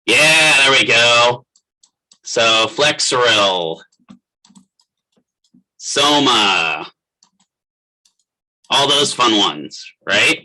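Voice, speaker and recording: A man's voice: medium pitch, animated, drawn-out words, long pauses, pushed and bright, poor audio. A middle-aged man teaching a physical therapy class in a conversational lecture, often putting questions to students by name. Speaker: physical therapist assistant instructor.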